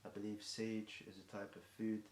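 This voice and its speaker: A young English man improvising a rambling rhyming freestyle, voice getting hoarse, filling gaps with ums and self-corrections. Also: lowish voice, little pitch movement, moderate pace, darkish tone. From England. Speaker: streamer performing a marathon song. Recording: echoey room with faint background noise.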